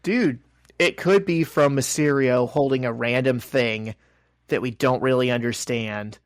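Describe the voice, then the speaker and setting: A man's voice: medium pitch, a little slow, no room sound, studio quality. A man co-hosting a podcast, casually recapping a comic and acting out the characters' lines. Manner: animated retelling, acting out quotes. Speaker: podcast co-host.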